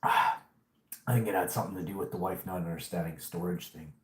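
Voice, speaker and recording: A man's voice: low voice, a little fast, roomy sound. A man hosting a casual vlog, telling rambling stories full of swearing. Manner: profane, rambling, animated storytelling. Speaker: host.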